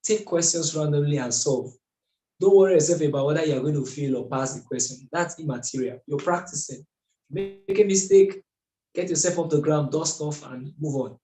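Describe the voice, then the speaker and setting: Mellow man tutoring math. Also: on the high side, normal speed. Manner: methodical, asks rhetorical questions. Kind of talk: whiteboard lesson. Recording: echoey room.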